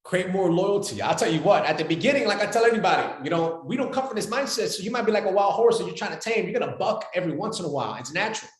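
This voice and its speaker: A man in his forties talks quickly with a high voice and stacks up repeated phrases for emphasis. He speaks as a podcast guest. The echoey room rings behind him. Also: lively intonation. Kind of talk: animated podcast talk.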